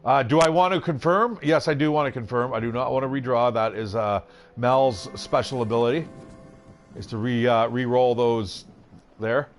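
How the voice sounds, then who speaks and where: A man's voice: mid-range voice, moderate pace, soft background music. A man giving casual gameplay commentary, swearing freely and reading the game's text aloud as he plays. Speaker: gaming channel host.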